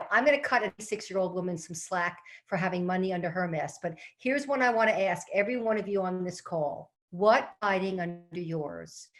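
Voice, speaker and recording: Chatty woman telling a story to an audience. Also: medium pitch. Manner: lively, chatty, addresses the audience directly. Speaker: professional speaker and organizing expert. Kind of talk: storytelling webinar talk. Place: her home office. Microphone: computer mic on a live webinar.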